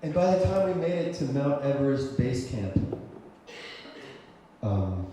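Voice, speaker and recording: A man telling a personal story live on stage, conversational and full of fillers and restarts, bursting into loud shouts when he voices his own thoughts. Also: medium pitch, sing-song, measured pace. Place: cultural center stage before an audience. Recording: very echoey hall, faint noise.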